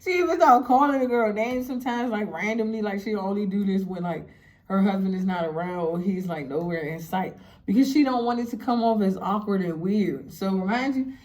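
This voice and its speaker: A young woman telling a story to her viewers in a casual, animated way, laughing often and filling her talk with "like". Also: medium pitch, a little fast. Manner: animated, laughing, heavy "like" fillers. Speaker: storytime vlogger.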